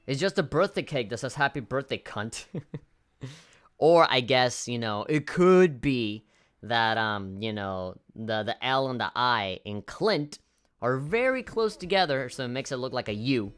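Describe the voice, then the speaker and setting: Rambling, laid-back male streamer who swears a lot, medium pitch, faint game music behind. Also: lively intonation, a little slow, fairly bright tone, smooth. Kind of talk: casual live-stream chat.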